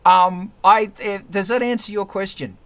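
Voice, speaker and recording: Aussie guy hosting a stream, bright forceful voice, jokey and sweary. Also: high voice, fairly even intonation, normal speed, smooth. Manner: joking, crude, loud swings in volume. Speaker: livestream host. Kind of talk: casual chat.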